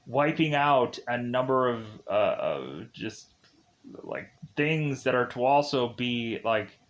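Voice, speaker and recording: A man's voice: medium pitch, animated, takes it slowly, highs cut off, slight background noise. A man casually recapping a film as a reviewer, rambling with lots of fillers and restarts and laughing at his own tangents. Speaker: movie reviewer.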